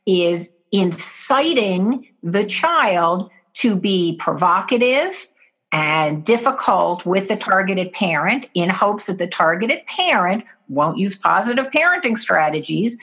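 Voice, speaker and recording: A woman's voice: on the low side, fairly bright tone. A woman guest in an interview, earnestly explaining parenting steps and acting out what parents and children say.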